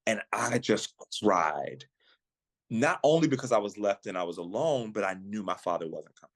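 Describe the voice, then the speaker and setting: A man on a podcast, earnestly telling a personal story of faith in a reflective way, slowing down at the emotional moments. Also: lowish voice, lively intonation, dry recording. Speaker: guest, actor and singer.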